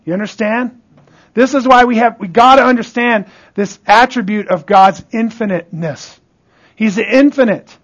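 A man preaching a sermon, checking in with the congregation through repeated asides and rhetorical questions, his voice rising on emphasis and dropping low and quiet. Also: lo-fi sound.

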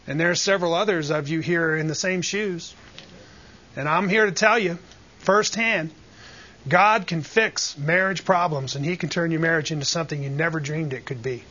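A man leads a church Bible lesson, preaching and putting questions to the room. His voice sits high and comes across bright. The recording is a bit dull and lo-fi. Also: normal speed. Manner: preacherly, asks the group questions. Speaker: Bible teacher. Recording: dull lo-fi sound.

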